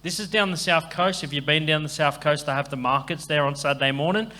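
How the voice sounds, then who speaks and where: A man's voice: fairly high pitch, fast talker, pushed and bright. A man, a comedian hosting a live podcast, bantering crudely and starting a story of his own.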